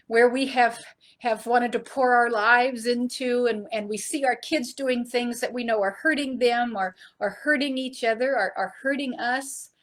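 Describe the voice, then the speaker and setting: A middle-aged woman teaching a Bible study in an earnest preaching style, rising to emphasis and dropping soft and low.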